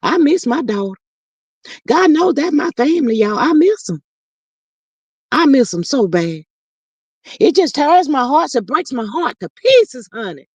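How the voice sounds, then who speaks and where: A woman's voice: high-pitched, very animated, a little slow, pauses often, dry recording. A woman voicing a preachy, heartbroken older mother who sighs and calls listeners honey and child.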